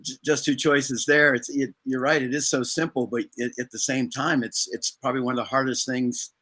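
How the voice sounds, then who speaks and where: A man's voice: mid-range voice, level tone, brisk, bright, forceful tone, dry recording. A man appearing as a guest author over a video call, speaking graciously and reflectively. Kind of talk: casual interview chat.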